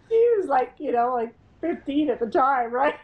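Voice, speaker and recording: With a high-pitched voice, a middle-aged woman who investigates the paranormal tells her stories as an interview guest, animated, laughing often and acting out others' words. The audio sounds dull.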